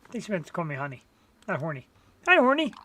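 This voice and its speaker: A woman's voice: low voice, expressive, racing, breathy edge. A woman hosting a live web show, chatting casually with crude jokes and frequent giggles. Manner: giggly, crude banter, trails off. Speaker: host. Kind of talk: casual live-stream chat.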